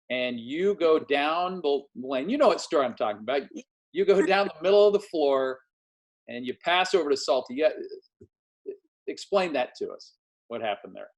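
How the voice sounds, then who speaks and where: Man, fairly high voice, host, casual interview, animated storyteller, video call. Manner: animated storyteller, acts out quotes. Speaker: podcast host and former game announcer.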